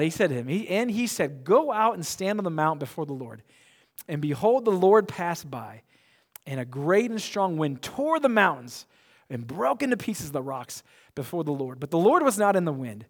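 A middle-aged male pastor preaching a sermon, moving between loud declarations and hushed, near-whispered lines. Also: on the high side.

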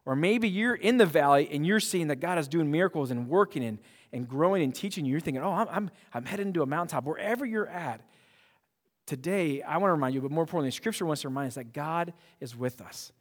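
A male pastor preaching a sermon to his church, moving from hushed prayer to loud, excited asides and often repeating and restarting words. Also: a little high, fast, big-room sound. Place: church auditorium.

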